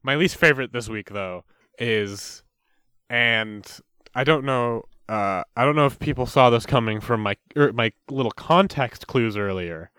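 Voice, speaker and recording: A man's voice: medium pitch, measured pace, a bit bright, clear, resonant tone, no room sound, studio quality. A man co-hosting a podcast in casual, profane, mock-outraged comedic chat. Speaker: podcast co-host.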